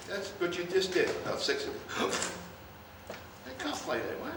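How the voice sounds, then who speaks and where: A man conducting a wind band rehearsal, giving brisk instructions and singing phrases aloud. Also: on the high side, expressive, over loud music. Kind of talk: rehearsal coaching. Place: rehearsal hall. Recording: echoey hall, distant mic, band playing.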